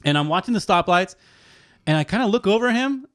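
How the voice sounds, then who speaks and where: A man in his thirties, a fishing guide and podcast guest, telling animated, profane stories in casual chat. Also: high voice, quick pace.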